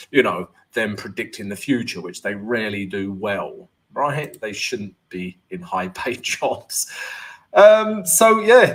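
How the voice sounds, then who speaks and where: A man's voice: medium pitch, a bit bright. A man hosting a live trading Q&A stream, chatty and joking, greeting viewers by name and dropping "right?" and "um" as he goes. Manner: fillers like "right?" and "um". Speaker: forex trading host.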